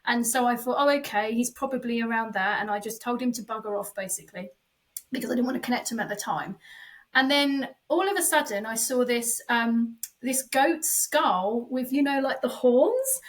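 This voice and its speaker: A woman psychic medium telling a spooky personal story in a casual podcast chat, animated and full of fillers, acting out the voices she quotes. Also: a little high, normal speed, recorded from a distance, low-quality recording.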